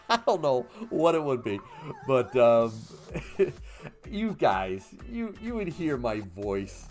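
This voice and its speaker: A man's voice: medium pitch, big pitch swings, very slow, pauses often, darkish tone, faint music behind. A man in his fifties hosting a casual livestream, reading chat questions aloud and answering in a chatty way with fillers and laughs. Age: 50s. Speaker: livestream host.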